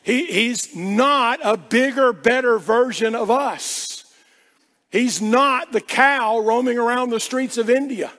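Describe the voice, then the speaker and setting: A man's voice: very high voice, takes it slowly, a bit bright. A man preaching a sermon as pastor, often repeating words as he restarts his sentences. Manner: frequent stammered repetitions of words. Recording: long hall reverb.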